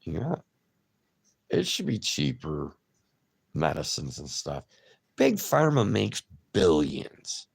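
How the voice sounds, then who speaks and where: Man, livestream host, casual chat, husky, slow-talking, replies to viewers by name. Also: very deep voice, wildly swooping pitch. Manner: chatty, reacts to viewer comments and names viewers.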